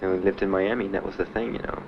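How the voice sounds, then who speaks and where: A man being interviewed about his time in the service, telling his story in a halting, plainspoken way with many fillers. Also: sits low, level tone. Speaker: veteran interviewee. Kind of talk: documentary interview. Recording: dull archival recording with faint hiss.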